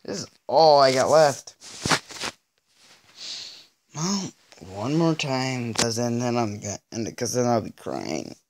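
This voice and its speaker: A man narrates his own gameplay in a let's-play commentary, exasperated and given to stammering restarts as things go wrong. His pitch swings widely and animatedly around an ordinary middle level. He keeps pleading aloud with the game itself. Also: expressive, slow, pauses often, darkish tone, slight background noise. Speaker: gaming video creator.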